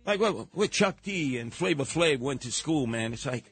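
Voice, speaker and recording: A man's voice: medium pitch, moderate pace, hardly any pauses, breathy edge. A man hosting a talk radio show, delivering an opinionated monologue, mocking and mimicking other people. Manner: animated, mocking, mimics voices.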